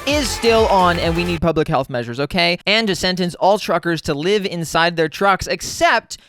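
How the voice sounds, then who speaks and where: A young man giving sarcastic, profane reaction commentary over clips, with quick mocking asides. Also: a little high, music in the background. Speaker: commentary vlogger.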